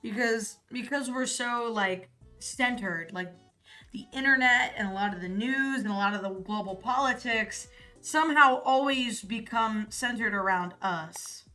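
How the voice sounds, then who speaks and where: American woman, young adult, streamer, casual profane rambling, high-ish voice, faint background music. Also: measured pace, bright, forceful tone. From United States. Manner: rambling, profane, filler-heavy. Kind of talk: casual live-stream chat.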